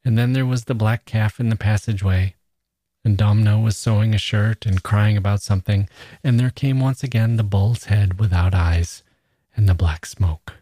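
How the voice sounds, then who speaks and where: A man hosting a podcast, reading a classic short story aloud in a measured storytelling manner. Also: on the low side, mellow, slightly rough, no room sound. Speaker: podcast host and reader. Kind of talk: scripted literary reading.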